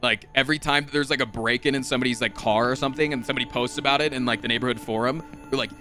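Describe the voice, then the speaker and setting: A young man streaming a game live, talking to his chat in an excitable, profane, rambling way. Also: medium pitch, quick pace, few pauses, faint music behind. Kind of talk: casual live-stream commentary.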